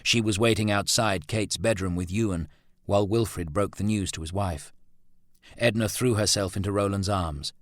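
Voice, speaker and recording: A man reading a novel aloud as narrator in a measured storytelling manner. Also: on the low side, no echo, clean studio sound. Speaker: audiobook narrator. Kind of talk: scripted narration.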